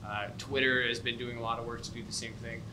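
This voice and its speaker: Male podcast co-host, thoughtful and halting, noisy background hiss. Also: mid-range voice, little pitch movement. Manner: thoughtful, lots of fillers like you know and um. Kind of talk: casual podcast discussion.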